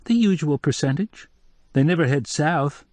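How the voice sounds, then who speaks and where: A man's voice: fairly high pitch, animated, moderate pace, darkish tone, no room sound, pitched above the performer's own voice, lightly acted. A man voicing a blunt, confiding local official in an audiobook, close and dry.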